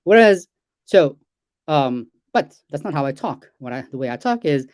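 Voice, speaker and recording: A man's voice: on the high side, very animated, normal speed, a little mellow, no room sound. A man hosting an interview, talking animatedly and acting out examples with plenty of fillers. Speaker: interview host. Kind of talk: casual conversational interview.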